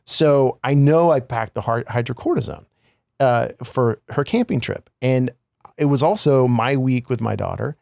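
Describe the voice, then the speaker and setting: A man's voice: mid-range voice, normal speed, gravelly, a little mellow, dry recording, clean studio sound. A middle-aged man co-hosting a casual podcast, telling a candid personal story with lots of fillers and asides. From United States. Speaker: podcast co-host.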